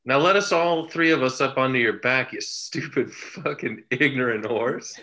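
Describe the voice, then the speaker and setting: A man plays a crude, domineering man with a bright, forceful voice that swears freely. He is blunt and commanding, bossing others around in an improvised comedy sketch. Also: medium pitch, normal speed, lightly acted. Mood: aggressive.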